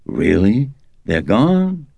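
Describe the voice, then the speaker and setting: A man with a very deep, gravelly voice reading an audiobook, voicing an older male police detective who murmurs and half-whispers, mournful and probing. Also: huge pitch swings, drawn-out words, dark tone, no room sound, muffled recording, heavily acted. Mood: wistful, probing.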